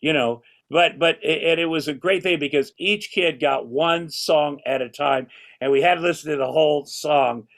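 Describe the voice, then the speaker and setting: A man's voice: fairly high pitch, moderate pace, fairly bright tone. Older male guest in his sixties, loose and rambling, casual talker. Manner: rambling, restarts, swears casually. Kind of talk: casual chat.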